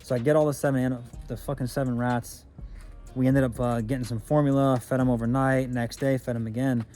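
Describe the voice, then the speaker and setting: A man's voice: mid-range voice, level tone, fairly quick, mellow, faint music behind. A man vlogging about his car, telling a rambling, casual story full of swearing and filler phrases.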